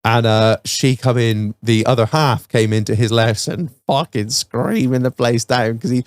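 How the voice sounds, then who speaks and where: A man's voice: mid-range voice, unhurried, hardly any pauses, no echo. A man co-hosting a podcast, telling school stories in a sweary, laughing, casual chat. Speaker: podcast co-host.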